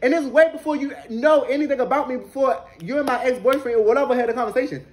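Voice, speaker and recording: A man's voice: very high voice, quick pace. A man in his twenties telling an angry, profane storytime rant to camera, repeating lines for emphasis. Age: 20s. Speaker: vlogger.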